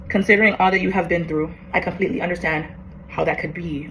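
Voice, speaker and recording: A woman's voice: lowish voice, fairly even intonation, fast talker, a bit bright, slight background noise, poor audio. A young woman in her twenties vlogging as she reads an old letter to herself aloud, emotional, swearing and laughing in disbelief.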